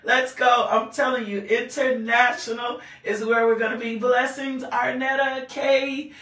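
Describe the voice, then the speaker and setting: A woman's voice: a little high, level tone, a little slow, a bit bright, far from the mic. A woman hosting a live faith talk stream, greeting viewers effusively with repeated welcomes, whoops and praise. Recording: echoey room, voice from off-mic.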